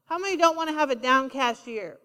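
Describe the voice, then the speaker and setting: Woman preacher, high voice, emphatic and repetitive, calls for amens, echoing church hall. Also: lively intonation, fairly quick, sharp tone. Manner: emphatic, repeats key lines, asks the congregation for responses. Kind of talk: sermon.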